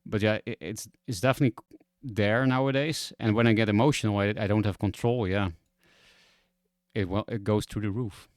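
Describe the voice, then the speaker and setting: A man's voice: fairly low pitch, steady tone, fairly quick, no echo, clean studio sound. A young man from the Netherlands with a Dutch accent, chatting and ranting casually as a streamer, swearing and exasperated.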